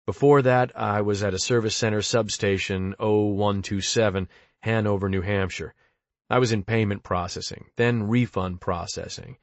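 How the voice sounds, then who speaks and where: A man with a lowish voice reads an audiobook in a deadpan, conversational way, as if talking straight to an interviewer. The sound is dry and close, with no room around it. The recording is dull and muffled. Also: moderate pace, dry recording. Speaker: audiobook narrator. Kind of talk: audiobook reading of interview monologues.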